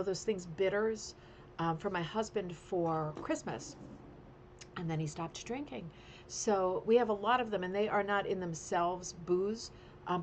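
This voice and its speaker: A woman's voice: mid-range voice, a little hiss or hum. A middle-aged woman hosting a casual craft livestream from home, chatty and playful as she greets viewers. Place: home, sitting at a table. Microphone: webcam livestream.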